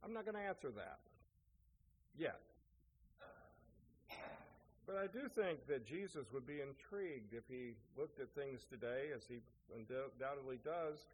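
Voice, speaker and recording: A man's voice: mid-range voice, expressive, unhurried, long pauses, breathy edge, highs cut off. A man preaching a sermon as pastor, telling a story and asking rhetorical questions. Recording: echoey hall, faint noise.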